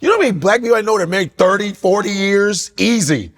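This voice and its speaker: A middle-aged man co-hosting a podcast, talking in an animated, ranting way with incredulous outbursts. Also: high voice, fast. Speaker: podcast co-host. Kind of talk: casual comedic chat.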